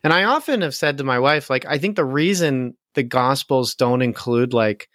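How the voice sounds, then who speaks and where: A man's voice: medium pitch, lively intonation, moderate pace, a bit bright, no echo, clean studio sound. A young married man co-hosting a podcast, talking earnestly in casual chat with hesitant restarts. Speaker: podcast co-host.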